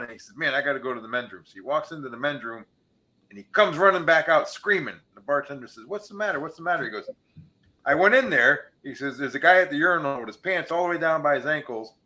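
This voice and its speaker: A man hosting a casual podcast, telling bar jokes with lively character voices. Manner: animated joke-teller, changes pitch for each character. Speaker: podcast host.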